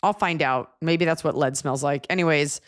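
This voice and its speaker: A woman hosting a comedy podcast, telling stories in animated casual chat and slipping into voices. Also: sits low, moderate pace. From lives in Los Angeles. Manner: animated storyteller, jumps into voices mid-story. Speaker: podcast host.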